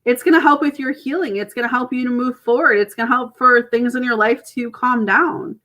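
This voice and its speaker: A Canadian tarot reader with grown children gives viewers a chatty, reassuring live reading and laughs often. Her fairly high, somewhat bright voice moves a little fast with fairly even intonation.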